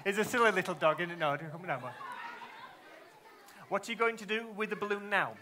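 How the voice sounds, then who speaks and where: High bouncy guy doing a kids magic show, bright voice, faint crowd of kids in back. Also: expressive, fairly quick, slight background noise. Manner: playful, teasing, asks the audience lots of questions. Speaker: children's magician. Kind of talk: live kids' show patter. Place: live show in front of children.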